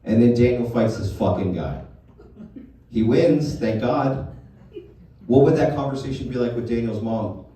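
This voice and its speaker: A man performing a profane, animated stand-up comedy set on a club stage. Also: mid-range voice, a little slow, long pauses, heavy reverb, far from the mic, slight background noise, rough recording. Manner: profane, animated storytelling to a live crowd.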